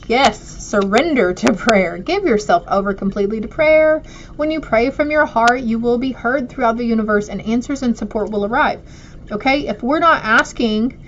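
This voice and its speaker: In a relaxed spiritual session, a woman reads oracle cards for her viewers, addressing them with affection. Her voice sits on the high side, and the dull lo-fi recording carries slight background noise.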